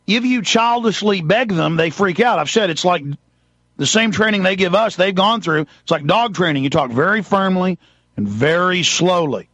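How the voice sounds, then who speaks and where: A man hosting a talk show, ranting forcefully in a heated monologue and acting out quotes dramatically. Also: high-pitched, expressive, normal speed, dry recording, dull audio.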